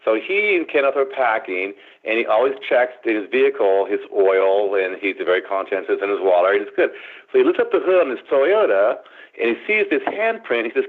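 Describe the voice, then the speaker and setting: A man's voice: mid-range voice, very animated, fairly quick. A man guest on a radio show, telling his story dramatically over the phone. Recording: tinny phone line.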